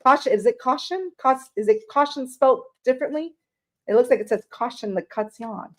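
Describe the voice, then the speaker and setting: Middle-aged woman, casual live tarot reader, chatty and friendly with viewers, a touch high-pitched. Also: a little fast. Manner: chatty, greets viewers by name, swears casually. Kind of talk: live-stream tarot reading.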